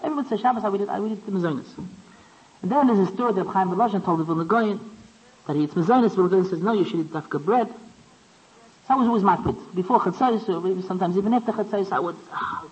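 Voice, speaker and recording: A man's voice: sits high, fast talker, a little mellow. A man giving a Torah talk, stammering through restarts and rising to impassioned peaks. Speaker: speaker. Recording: dull lo-fi recording.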